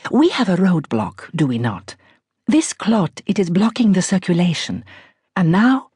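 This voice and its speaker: A woman's voice: lowish voice, big pitch swings, measured pace, warm tone, husky, no echo, voice pushed up, heavily acted. A woman reading the lines of a posh older woman painter who speaks with a faint Iranian-tinged accent in a grand, airy, ironic way. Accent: Iranian-tinged posh English.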